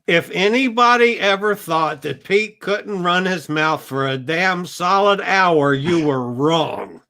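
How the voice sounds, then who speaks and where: A teasing co-host with a bright, sharp voice who talks slowly and heard from a little off the mic. His tone is light and joking. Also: high-pitched.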